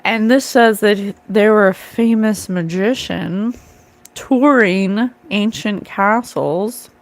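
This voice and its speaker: A middle-aged woman in a mid-range, slow voice gives a live psychic card reading to her stream audience. She speaks casually but with earnest emotion.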